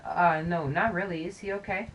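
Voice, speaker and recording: A woman's voice: on the low side, fairly even intonation, normal speed, background noise, lightly acted. A woman voicing an earnest young boy. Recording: game music playing under the voice.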